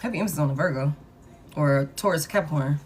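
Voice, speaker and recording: A woman's voice: sits low, fast talker, a little hiss or hum. A woman giving a live tarot reading, blunt and profane, who thinks aloud as she pulls cards and talks straight to her viewers. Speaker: tarot reader.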